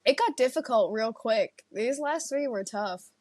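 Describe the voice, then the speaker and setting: A woman's voice: fairly high pitch, animated, measured pace, a little mellow, dry recording. A woman co-hosting a casual podcast, thinking aloud in a thoughtful, hedging way. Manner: thoughtful, hedging, laughs often. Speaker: podcast co-host.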